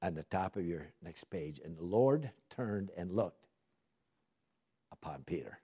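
A man's voice: deep voice, animated, measured pace, dark tone, husky. A man teaching a Bible study, reading scripture aloud with dramatic emphasis and asking his class questions. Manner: asks the class rhetorical questions.

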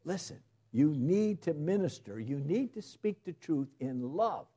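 A man preaching a sermon, shifting from loud emphasis to soft asides. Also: on the high side, animated, measured pace, husky.

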